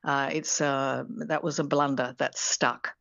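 A woman's voice: very deep voice, flat delivery, unhurried, vocal fry, a bit bright, dry recording. A woman, a linguistics professor explaining as a radio guest, hesitant with many fillers and restarts. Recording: dull lo-fi remote line.

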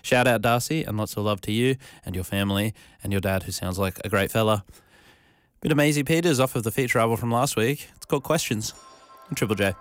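Chatty Australian radio host, low dry voice. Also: male voice, fast talker, dry recording. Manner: rambling, chatty, full of fillers and restarts. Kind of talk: casual radio chat. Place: radio studio. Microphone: studio microphone.

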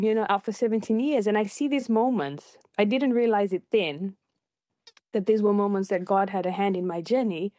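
A woman's voice: no room sound, studio quality. A middle-aged woman from Fiji, a documentary filmmaker, telling her personal story in an interview and acting out what people said. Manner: animated, acts out quoted dialogue with big pitch jumps.

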